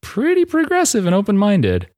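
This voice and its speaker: A man co-hosting a podcast in casual chat, wry and quick to laugh. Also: high voice, wildly swooping pitch, a little mellow, no echo, studio quality. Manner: chatty, laughs often, wry asides. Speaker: podcast co-host.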